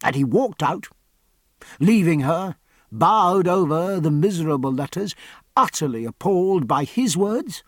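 A man narrating a period novel as an audiobook, measured and even in his storytelling. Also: on the high side, dry recording.

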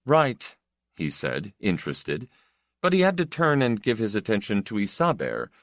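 A man narrates an audiobook with measured, even storytelling in a low-pitched voice. The studio sound is clean, with no echo.

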